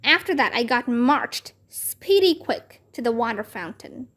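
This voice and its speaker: A woman narrating a children's chapter book aloud in a clear storytelling manner. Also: on the high side, moderate pace, bright, forceful tone.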